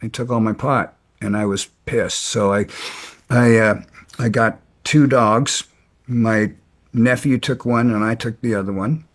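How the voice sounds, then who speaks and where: A middle-aged man recounting his past in an interview, halting with frequent restarts. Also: lowish voice, steady tone. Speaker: guest. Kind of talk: storytelling interview.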